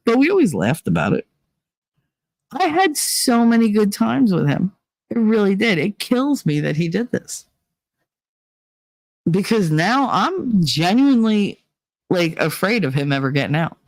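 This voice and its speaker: A woman's voice: medium pitch, sing-song, a little slow, long pauses, no echo. A middle-aged woman hosting a casual chat stream, telling candid, profane stories and acting out the people in them. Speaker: livestream host.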